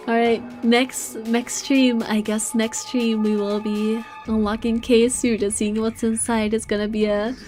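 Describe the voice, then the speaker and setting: Excitable woman streamer, high voice. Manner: excitable, swears and laughs often. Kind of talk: casual gameplay commentary.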